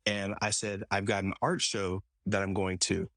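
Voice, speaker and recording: A man's voice: sits low, little pitch movement, moderate pace, fairly bright tone, no echo. Man telling a story, dry close sound. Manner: storytelling with many restarts, quoting himself. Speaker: podcast host. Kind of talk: casual conversation.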